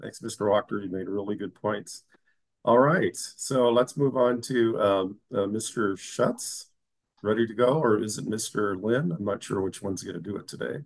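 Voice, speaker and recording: Man, lowish voice, hearing examiner, informal, brief. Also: normal speed. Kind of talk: chairing a hearing.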